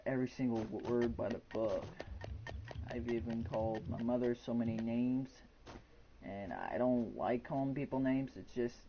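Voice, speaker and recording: A man's voice: medium pitch, a little hiss or hum. Young man rambling on a lo-fi stream. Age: 20s. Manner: chatty, rambling, frank. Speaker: live game streamer. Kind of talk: casual rambling chat. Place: his bedroom.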